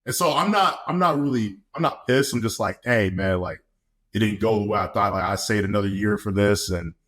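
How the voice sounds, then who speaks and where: A man's voice: on the low side, brisk, fairly bright tone. Laid-back young man telling a story. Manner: laid-back, laughs often, acts out quotes. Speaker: podcast guest, football player. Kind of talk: casual storytelling.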